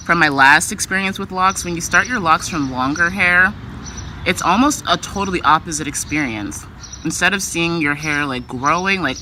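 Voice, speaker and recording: With a low, sharp-toned voice and a bit of hiss or hum in the background, a woman vlogger talks loosely and casually, using plenty of filler words.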